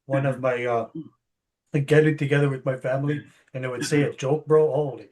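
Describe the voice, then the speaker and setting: A man's voice: medium pitch, steady tone, fairly quick, a little mellow. A man in a casual chat over a call, swearing and bantering bluntly.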